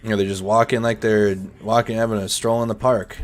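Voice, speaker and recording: A somewhat low-voiced man talks over footage on a live stream in a casual, chatty, energetic way. He comments freely and addresses viewers directly as the host. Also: fast talker, faint music behind. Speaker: host of nightly war update stream.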